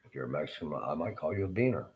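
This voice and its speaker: A middle-aged man with a Southern American accent, delivering a rambling monologue rant that is blunt and profane and full of halting fillers. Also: very deep voice, animated, a little mellow, poor audio. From Southern United States.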